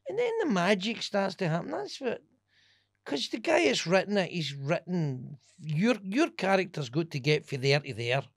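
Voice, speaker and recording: A man's voice: high-pitched, moderate pace, vocal fry, dry recording, clean studio sound. A Scottish man, a stand-up comedian, telling swear-laden stories in a casual podcast chat. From Scotland. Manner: animated, swearing, laughing storyteller.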